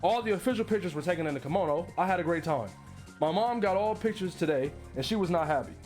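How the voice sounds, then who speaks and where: High-voiced man ranting, laughing. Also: animated, quick pace, a little mellow, soft background music. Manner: profane, incredulous, laughs often. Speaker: streamer reacting to online posts. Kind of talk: casual reaction commentary, reading posts aloud.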